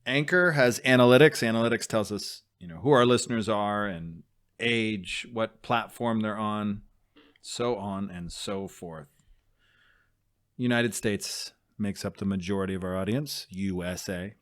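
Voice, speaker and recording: A man's voice: lowish voice, measured pace, fairly bright tone. A man co-hosting a casual podcast, playful and jokey, laughing often as he talks. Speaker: podcast co-host. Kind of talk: casual chat.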